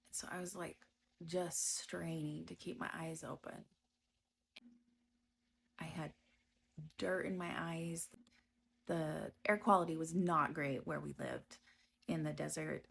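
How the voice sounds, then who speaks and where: A woman giving a personal testimony about her past, speaking slowly and hesitantly with frequent pauses and restarts. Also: fairly low pitch, gravelly, a little hiss or hum. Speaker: storyteller recounting her past.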